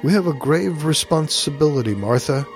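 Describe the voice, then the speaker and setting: A man's voice: fairly high pitch, expressive, normal speed, faint music behind. A man playing an earnest, solemn farm father.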